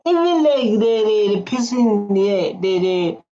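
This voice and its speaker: Woman, slow-talking, mellow voice, casual reaction commentary, teasing, dull lo-fi sound. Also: medium pitch. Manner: animated, repetitive, teasing. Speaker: video reactor.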